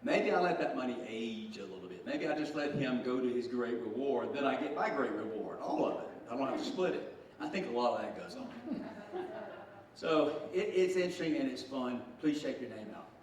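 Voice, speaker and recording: Speaking to a group as a state official, a Southern-accented man in his sixties spins folksy yarns, joking and chuckling as he goes. His medium-pitched voice is expressive, slightly quick, and a bit mellow, heard from a distance in an echoey room.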